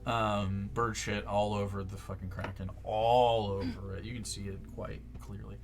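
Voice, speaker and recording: A man's voice: fairly low pitch, level tone, moderate pace. A man narrating a tabletop game as game master, casual and profane, with many ums and likes.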